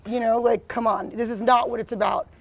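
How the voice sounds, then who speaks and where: A woman in her thirties, a guest in a candid personal interview, speaks bluntly and emphatically, peppering her talk with "like" and "you know." Her voice is a little high, with fairly even intonation and a brisk pace, and the recording is dry.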